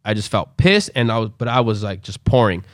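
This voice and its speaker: A man's voice: fairly low pitch, lively intonation, brisk, no room sound, studio quality. A young man casually telling a story, loose and profane, acting out quotes along the way.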